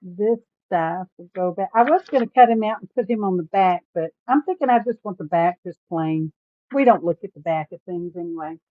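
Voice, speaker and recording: A woman hosting a casual crafting livestream, chatty and folksy and quick to laugh. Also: on the low side, lively intonation, no echo. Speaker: livestream host. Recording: tinny phone-like sound, dry.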